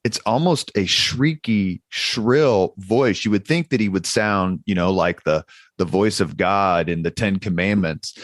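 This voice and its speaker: Male podcast host, low and even, close dry mic, curious questions. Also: no echo.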